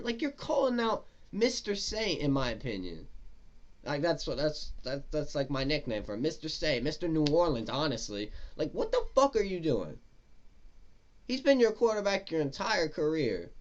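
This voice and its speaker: Man ranting, lively swinging pitch. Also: normal speed, dull audio, slight background noise. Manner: profane, heated, exasperated. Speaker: football fan commentator. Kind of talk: casual ranting commentary.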